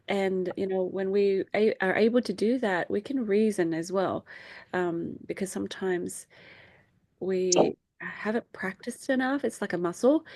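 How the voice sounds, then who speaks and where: Over a video call, a middle-aged woman with a slightly mellow voice leads a faith group in casual talk. She chats with many fillers and acts out quotes in a high voice; the audio has no echo.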